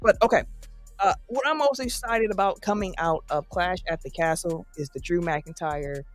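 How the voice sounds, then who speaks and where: A man co-hosting a podcast in casual chat, telling stories with lively acted-out quotes. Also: high-pitched, moderate pace, no room sound, faint music behind. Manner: animated storyteller, acts out quoted voices. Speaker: podcast co-host.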